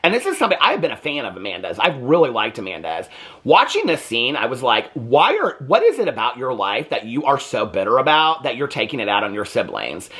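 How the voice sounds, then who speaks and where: Bright, lively-voiced man recapping TV. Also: medium pitch, a little fast, breathy edge. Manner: chatty and opinionated, with frequent "like" fillers. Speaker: TV recap host. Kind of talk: casual reality TV commentary.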